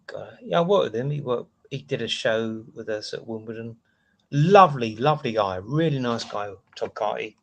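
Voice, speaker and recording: A man's voice: mid-range voice, animated, normal speed, gravelly, lo-fi sound. A man with a British accent hosting a casual live stream, rambling and chatting as he answers viewer comments between asides.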